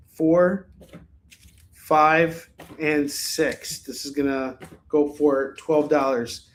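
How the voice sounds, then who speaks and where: A fairly high-voiced man keeps up a chatty, upbeat patter as he hosts a live online sale. He reads items and prices off one after another in a casual, friendly flow. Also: a little hiss or hum. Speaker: live shopping show host. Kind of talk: casual live-stream selling.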